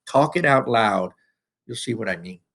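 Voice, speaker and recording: A man teaching students through a worksheet, talking casually with frequent restarts and lively emphasis. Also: lowish voice, normal speed. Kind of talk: recorded classroom lesson.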